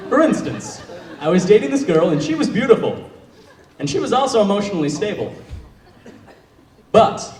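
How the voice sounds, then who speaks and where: A young man telling stand-up stories in a deadpan way, pausing before his punchlines. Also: sits high, a little hiss or hum. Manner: deadpan storytelling with punchline pauses. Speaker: stand-up comedian. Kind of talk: stand-up comedy set. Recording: echoey hall, distant mic.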